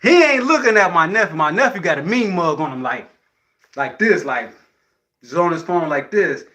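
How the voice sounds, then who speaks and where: A man's voice: high-pitched, lively intonation, moderate pace, bright, forceful tone. A man telling a casual story to his viewers, heavy with slang and swearing and a constant "you know what I'm saying". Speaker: vlogger addressing viewers.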